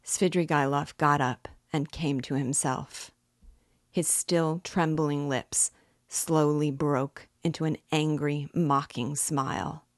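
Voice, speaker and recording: A woman narrates a classic novel in a low, unhurried voice, each phrase measured and deliberate. The recording is close and dry, with no room sound. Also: steady tone, no echo. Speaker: reader and guide. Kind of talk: audiobook-style literary reading.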